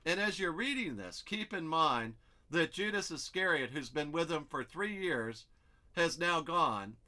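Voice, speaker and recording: Bright-voiced man teaching scripture. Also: a little high, lively intonation, unhurried. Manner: explains step by step, thinking aloud over on-screen text. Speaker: Bible teacher. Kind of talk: expository Bible study lesson.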